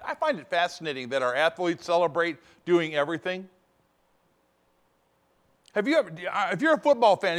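A male pastor delivering a sermon in a fairly high voice that rises and falls with lively swings. He mixes playful asides with slow, deliberate emphasis on the key phrases.

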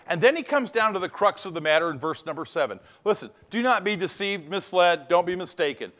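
A man preaching a sermon, animated, with playful asides and slow, weighty emphasis on key phrases. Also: high voice. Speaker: pastor.

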